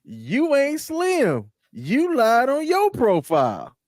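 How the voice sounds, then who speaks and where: A man's voice: extremely high pitch, huge pitch swings, takes it slowly, darkish tone, no echo, studio quality, heavily acted. A man acting out a boastful online dater in a comedy skit on a video call. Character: man in a skit lying about his dating profile.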